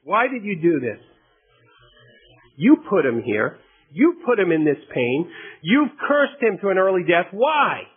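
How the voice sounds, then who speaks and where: A man voicing a gruff, impatient male surgeon who talks bluntly and clinically. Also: sits high, sing-song, measured pace, pauses often, voice pushed up. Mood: anguished. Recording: tinny phone-like radio broadcast.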